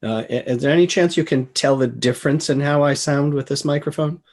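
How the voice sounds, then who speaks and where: A man's voice: on the high side, fairly quick, darkish tone. A man asking polite, slightly hesitant questions during an online webinar call. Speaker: webinar participant. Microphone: computer mic on video call.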